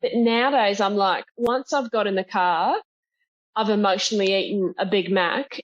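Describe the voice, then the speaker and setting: A woman's voice: medium pitch, steady tone, normal speed. Woman, Queensland Australian accent, joking and self-deprecating, muffled video call audio. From Brisbane, Australia. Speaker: comedian guest. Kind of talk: casual interview chat.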